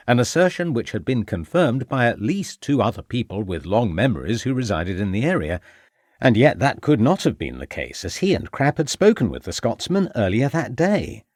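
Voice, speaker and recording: A man narrating a mystery audiobook in a measured, expressive storytelling manner. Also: on the low side, slightly rough, no room sound, studio quality.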